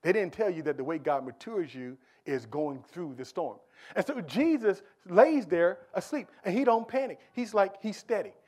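Male preacher with a high voice and a dramatic sermon, dropping to a hush and rising to near-shouts. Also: animated, moderate pace. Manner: rhetorical questions, repetitions.

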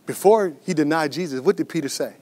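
High-voiced preaching pastor. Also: male voice, fast talker. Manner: passionate preaching with sudden shouts and hushed whispers; calls out to the congregation. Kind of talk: sermon.

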